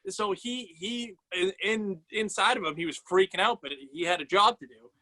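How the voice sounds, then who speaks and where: Bright-voiced young man hosting a podcast. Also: high voice, moderate pace, poor audio. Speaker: podcast host. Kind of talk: casual interview questions.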